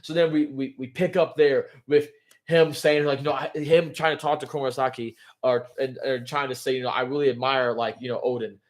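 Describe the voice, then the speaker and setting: A man's voice: fairly high pitch, fairly even intonation, fairly quick, a little mellow. A man hosting a live stream, casually recapping a manga chapter in a rambling way, full of fillers and "bro". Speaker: livestream host.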